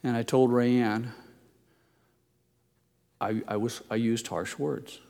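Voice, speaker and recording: A man's voice: medium pitch, steady tone, takes it slowly, warm tone. An older man preaching a sermon, telling a personal story in a conversational, self-deprecating way. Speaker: pastor. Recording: long hall reverb.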